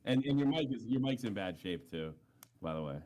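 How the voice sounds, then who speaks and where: A man's voice: medium pitch, expressive, brisk, darkish tone. A man on a podcast call, speaking hesitantly and stammering over his words.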